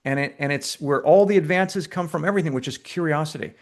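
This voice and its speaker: Animated man telling a story. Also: fairly high pitch, fast. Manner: animated storyteller, many restarts and fillers. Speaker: filmmaker guest. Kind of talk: conversational interview storytelling.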